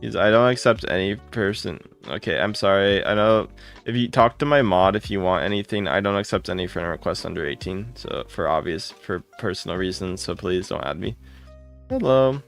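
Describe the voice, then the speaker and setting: A man with a gravelly, creaky voice chats casually on a live game stream. He greets viewers one by one and gushes with thanks. Faint music plays behind him. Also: sits low, normal speed. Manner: greets viewers by name, excitable and gushing.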